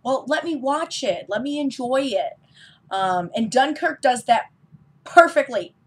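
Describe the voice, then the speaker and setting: A woman's voice: high voice, animated, a little slow, husky. Chatty woman reviewing a film. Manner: chatty and enthusiastic, frequent ums. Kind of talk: casual vlog review.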